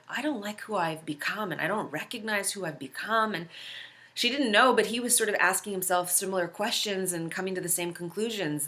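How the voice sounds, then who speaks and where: A woman's voice: on the low side, pushed and bright. A woman hosting a video series, telling a personal story in a casual, earnest way with many filler words. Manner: conversational, heavy use of filler words; earnest, reflective. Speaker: host.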